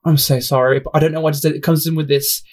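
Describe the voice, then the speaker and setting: A man's voice: on the high side, level tone, fast. Gushing young man rambling on his podcast. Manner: gushing, self-deprecating, sidetracks and apologizes often. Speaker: podcast host. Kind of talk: casual solo podcast chat.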